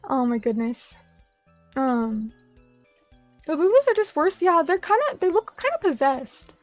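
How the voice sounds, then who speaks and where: A woman's voice: sits high, very animated, unhurried, no echo, soft background music. A young woman streaming, chatting casually with viewers and reading their comments in a rambling, self-deprecating way. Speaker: vtuber streamer. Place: small room at a little table.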